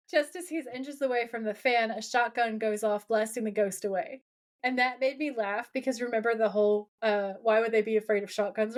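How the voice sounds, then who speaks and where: A woman co-hosting a podcast, chatting casually as she retells a TV episode, quoting characters with plenty of swearing. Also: a little high. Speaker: podcast co-host. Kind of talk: casual chat recapping a TV episode.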